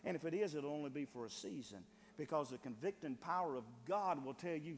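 A man preaching a sermon as pastor, calling out to the church and building to loud, rising appeals. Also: a little high, animated, brisk, in a large hall, a little hiss or hum.

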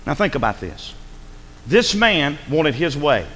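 A man's voice: on the high side, sing-song, measured pace, a bit bright, long reverb tail. A male pastor preaching a sermon in a church, urgent and rhetorical, pressing his listeners with repeated questions. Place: church sanctuary.

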